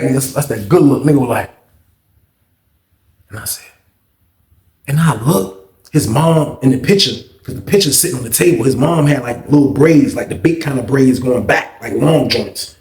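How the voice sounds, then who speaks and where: A man telling a story in a casual, slangy, animated way, acting out the people he quotes as he goes. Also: medium pitch, normal speed, pauses often, echoey room. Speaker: storyteller host.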